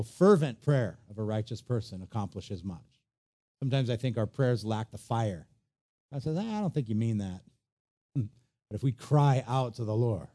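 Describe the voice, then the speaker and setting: A man delivers a sermon in a relaxed, mellow voice at a middle pitch. He talks in a lively, conversational way and jumps into little acted voices for the people he quotes. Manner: animated, acts out quoted voices. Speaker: pastor.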